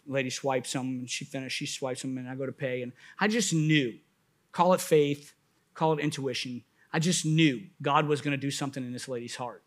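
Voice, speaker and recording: A man preaching a sermon as a pastor, telling a personal story in an animated way that swings from hushed to loud. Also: mid-range voice, normal speed.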